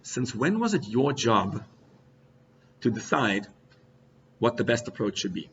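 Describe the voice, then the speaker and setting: Rabbi guy preaching, gets loud then drops quiet, kinda muffled recording with faint hiss. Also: measured pace. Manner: animated, swings between loud outbursts and low asides; sprinkles Hebrew and Yiddish terms. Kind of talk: sermon.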